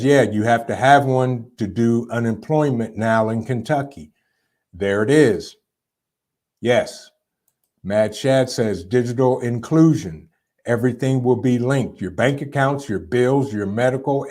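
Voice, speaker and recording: A man hosting a casual live stream, chatting loosely and answering viewer comments with frequent fillers. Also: medium pitch. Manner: rambling, conversational, frequent fillers and repeats. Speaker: livestream host.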